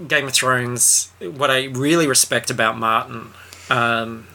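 A young man co-hosting a casual podcast, animated and swearing as he acts out reactions. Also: mid-range voice, measured pace, vocal fry. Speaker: podcast co-host.

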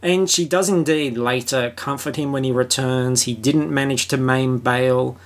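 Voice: mid-range voice, moderate pace. Sarcastic Australian podcast host. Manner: sarcastic, swearing, mock-excited asides. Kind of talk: solo film-review podcast commentary.

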